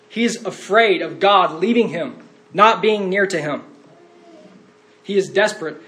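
A man's voice: high-pitched, moderate pace, a bit bright. A man preaching a sermon in an earnest way, rising to fervent cries when quoting.

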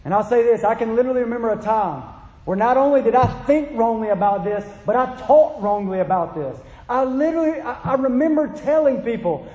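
A man's voice: extremely high pitch, fairly quick, darkish tone. A man preaching a sermon with passion, pleading with listeners and acting out quotes. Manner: impassioned, pleading, acts out quotes. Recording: echoey hall.

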